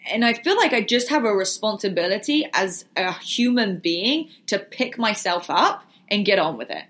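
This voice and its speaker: Young woman doing a chatty livestream q&a, bright voice, lots of likes and ums. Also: medium pitch, very animated, moderate pace. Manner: chatty, lots of fillers, answers viewer questions. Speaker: fitness and business vlogger. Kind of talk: casual livestream Q&A.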